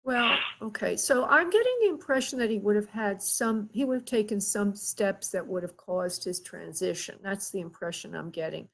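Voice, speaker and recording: A woman hosting a live psychic reading, speaking haltingly with many pauses and calling the caller by endearments. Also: medium pitch, expressive, gravelly, fairly bright tone, slight background noise, low-quality recording. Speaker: psychic medium host.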